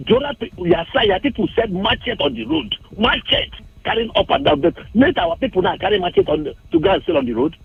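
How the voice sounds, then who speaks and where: A man's voice: very high-pitched, sing-song, fast, creaky, slightly rough, no echo. Angry Nigerian man on a phone line. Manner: agitated, repeats that he is angry. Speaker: caller.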